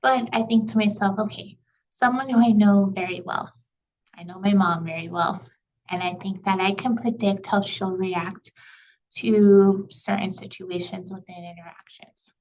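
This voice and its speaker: A young woman giving a recorded college lecture over slides. Her voice has a gravelly edge, and her delivery stays conversational and loose, with frequent fillers as she explains each point. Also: mid-range voice, steady tone, unhurried, a little mellow, low-quality recording. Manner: conversational, uses "like" and "you know" often. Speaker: college communication instructor.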